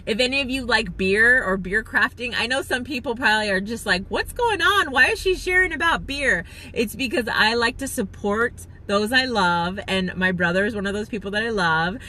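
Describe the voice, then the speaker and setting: A woman's voice: medium pitch, normal speed, hardly any pauses, pushed and bright. A woman live-streaming to her viewers from a phone, chatting heartfelt and gushing with lots of fillers, near tears at times. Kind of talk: emotional live-stream chat.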